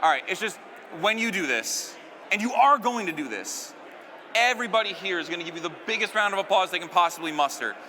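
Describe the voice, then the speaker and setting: A man's voice: high voice, animated, fairly quick, bright, forceful tone, big-room sound, slight background noise. A man performing stage magic on a live stage, keeping up joking banter with a volunteer and the crowd.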